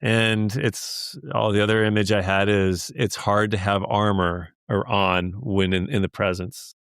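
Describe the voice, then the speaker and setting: A man with a low, gravelly voice hosts a podcast in relaxed conversation. He talks haltingly, searching for words, often laughing and openly emotional. The sound is dry and close. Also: no echo. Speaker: podcast host. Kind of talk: casual interview.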